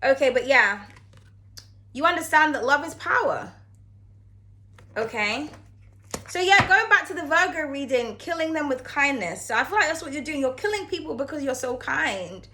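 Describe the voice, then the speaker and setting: A woman's voice: high voice, lively intonation, moderate pace, sharp tone. A woman giving a casual tarot reading to camera, chatty and frank, cursing freely and calling the viewer darling. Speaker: tarot card reader.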